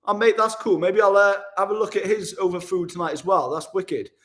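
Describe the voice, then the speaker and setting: A young man with a high, light voice, chatting loosely to his live viewers. He laughs often and drops "mate" into nearly every sentence. He is talking in a hotel room. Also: steady tone, fairly quick, fairly bright tone. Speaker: live-streaming vlogger. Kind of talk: casual live-stream chat.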